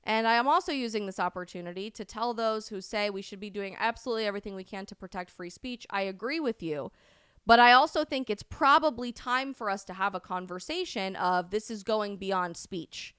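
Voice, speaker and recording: A woman hosts a live stream, speaking in a smooth, crisp voice at a mid pitch. Her commentary is passionate and emphatic, and she often climbs to loud, indignant peaks. The sound is close and dry. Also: a little fast, no echo. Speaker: host of a live stream show. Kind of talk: impassioned livestream commentary.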